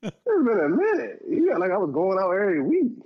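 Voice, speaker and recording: Male storyteller, casual, very lively intonation with high-pitched quoted voices, slightly muffled lo-fi audio. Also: brisk, slightly rough. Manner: animated, acts out quotes in a high voice. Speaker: podcast co-host telling stories.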